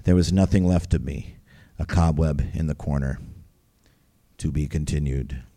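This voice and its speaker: A man's voice: very deep voice, normal speed, warm tone. A man reading his own first-person memoir aloud as a storyteller, vivid, wry and gritty.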